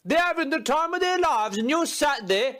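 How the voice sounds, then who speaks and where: A man delivering a loud, sarcastic, profane comedic rant to the camera. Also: very high voice, lively intonation, moderate pace. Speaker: comedy video host. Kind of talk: ranting comedic monologue.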